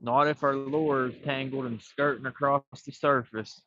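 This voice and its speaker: Outdoors on a fishing livestream, a man rambles into his phone in a laid-back way, talking to himself as he fishes. His medium-pitched voice is sharp in tone, with fairly even intonation and normal speed, and the dull lo-fi phone audio has a little hiss or hum.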